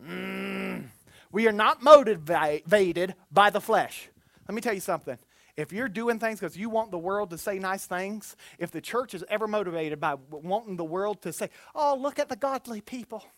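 A preacher giving a Pentecostal sermon in an animated, exclamatory manner, with call-and-response to the congregation. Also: mid-range voice, normal speed, creaky, no room sound.

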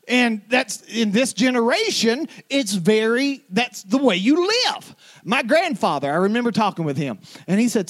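Man, pastor preaching, very high voice, lively swings in pitch. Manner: preaching with rising intensity, dramatic retelling. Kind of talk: sermon.

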